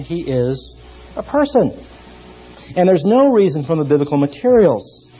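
Man lecturing on theology, lively and emphatic, slightly high, dull lo-fi sound. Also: husky. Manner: lively and emphatic, with many pauses. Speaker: theology teacher. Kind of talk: classroom lecture. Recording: dull lo-fi recording.

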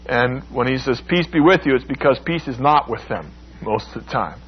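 Husky preacher man, lo-fi. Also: medium pitch, normal speed. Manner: expressive, acts out quoted lines with emphatic rises. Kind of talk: sermon.

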